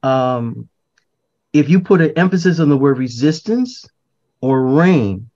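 A man's voice: mid-range voice, big pitch swings, measured pace, a little mellow, highs cut off. An older man, a poet, talking about his poem in a reflective, conversational way, often repeating words and restarting phrases. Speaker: poet, podcast guest. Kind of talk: conversational explanation.

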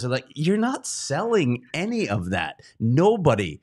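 A man's voice: fairly high pitch, very animated, unhurried, hardly any pauses, a little mellow, slightly rough. A man co-hosting a sports talk show, firing pointed, incredulous questions. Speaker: sports reporter and co-host.

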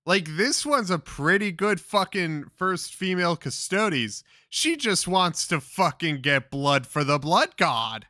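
A man's voice: sits high, animated, a little slow, hardly any pauses, bright, forceful tone, no echo, studio quality. A young man giving crude, exasperated commentary, swearing constantly as he reacts to clips. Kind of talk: profane ranting commentary.

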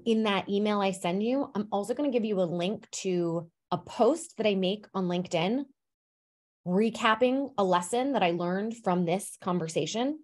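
A woman career coach talking casually to a live online group, chatty and upbeat, with lots of fillers. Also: medium pitch.

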